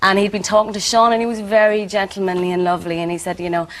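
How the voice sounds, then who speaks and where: A woman's voice: medium pitch, little pitch movement, fast talker. An Irish woman, a singer, chatting candidly as a talk show guest and laughing easily. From Ireland. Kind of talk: casual chat.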